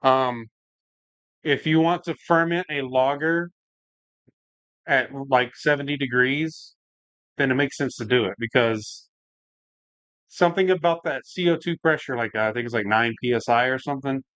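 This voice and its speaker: A man's voice: medium pitch, moderate pace, pauses often, fairly bright tone, clear, resonant tone, dry recording, highs cut off. A man hosting a home brewing livestream, chatting casually and rambling, saying "like" and "man" a lot while he works and answers the chat. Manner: laid-back, rambling, says "like" and "man" a lot.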